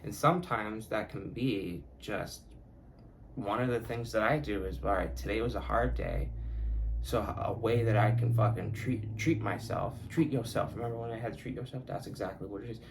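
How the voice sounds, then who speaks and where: Man, podcast host, low gravelly voice, rambling casual talk, swears a lot, faint background hum. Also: normal speed. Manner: rambling, profane, self-correcting.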